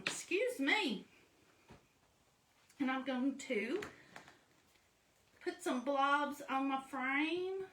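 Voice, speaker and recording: A woman's voice: high voice, expressive, very slow, long pauses, pushed and bright, recorded from a distance, slight background noise. A woman chatting casually and poking fun at herself as she walks through a craft project step by step. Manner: chatty, self-deprecating, explains each step as she works. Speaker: craft vlogger. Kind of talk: casual how-to chat while crafting. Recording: echoey room, voice a bit off-mic.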